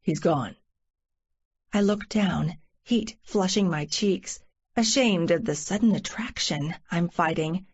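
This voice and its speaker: A woman narrating a first-person romance audiobook in a measured inner-monologue style. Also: on the low side, husky. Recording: muffled lo-fi recording.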